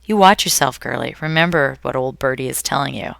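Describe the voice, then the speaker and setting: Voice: mid-range voice, brisk, creaky, fairly bright tone, no echo, studio quality. A reader voicing a blunt, impatient old homeless woman on a park bench. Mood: gruff.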